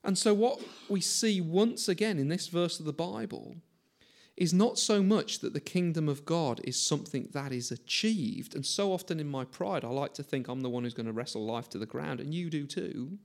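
A man's voice: on the high side, moderate pace. A man in his forties preaching a conversational sermon, chatty and self-mocking, often asking the listeners questions.

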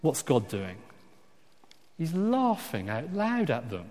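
A man preaching a sermon, animated and emphatic, with frequent restarts, swinging from loud exclamations to quiet asides. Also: fairly high pitch, slow pace. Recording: long hall reverb.

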